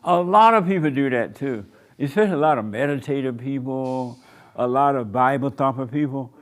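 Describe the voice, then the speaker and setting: A man's voice: mid-range voice, normal speed. A man leading a church discussion, blunt and teasing as he challenges the people in the room. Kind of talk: blunt preaching in group talk.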